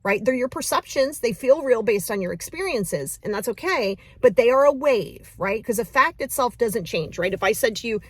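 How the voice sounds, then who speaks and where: A woman leading a guided mindfulness exercise, talking casually and straight to the viewer with lively bursts. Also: on the high side, moderate pace, few pauses, husky, no echo. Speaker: mindfulness coach.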